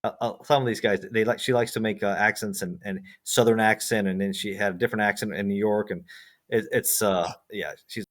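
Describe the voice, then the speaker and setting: A man's voice: fairly low pitch, steady tone, fairly quick. Man talking politics with many restarts. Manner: repeats words, stumbles and restarts. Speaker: guest. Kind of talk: casual political chat.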